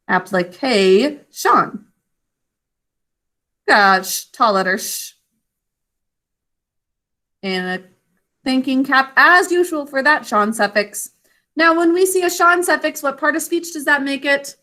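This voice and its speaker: A woman teacher leading a spelling lesson for children, slowly and carefully sounding out syllables and giving encouraging praise. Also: high-pitched, sharp tone. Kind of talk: online literacy lesson for children.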